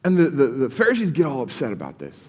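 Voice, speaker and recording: A man's voice: medium pitch, huge pitch swings, fast talker, breathy edge, big-room sound. A male pastor giving a casual, conversational sermon in a church, often repeating words as he starts sentences. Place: church sanctuary.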